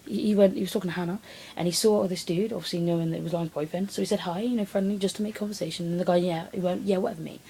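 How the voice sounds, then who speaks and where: A woman's voice: on the low side, very fast, slight background noise, rough recording. A teenage girl, rambling through a personal story in a casual vlog and acting out what people said. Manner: rambling, animated retelling with acted quotes. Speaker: vlogger.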